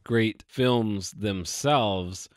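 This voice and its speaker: A man's voice: fairly low pitch, extremely slow, dry recording, studio quality. A man co-hosting a podcast, easygoing and a little hesitant as he talks his thoughts through. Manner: easygoing, hesitant, thinks aloud. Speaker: podcast co-host. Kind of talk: casual chat.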